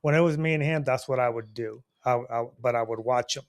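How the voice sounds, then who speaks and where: A man hosting and telling a bar story to an audience, animated and laughing often, with frequent "you know what I mean". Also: mid-range voice, a little fast. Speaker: storyteller host.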